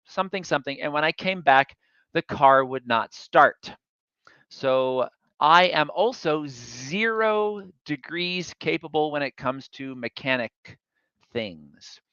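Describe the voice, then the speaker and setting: Bright, clear-voiced male storyteller. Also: fairly high pitch, no echo, highs cut off. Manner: chatty, self-deprecating storyteller. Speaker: guest speaker. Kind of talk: storytelling talk.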